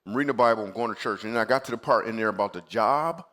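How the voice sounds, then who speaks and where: A man's voice: fairly low pitch, racing, a bit bright. Comedic man preaching through a story. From Michigan, USA. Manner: conversational, acts out his own past replies. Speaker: comedian and guest speaker. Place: church stage before a live audience.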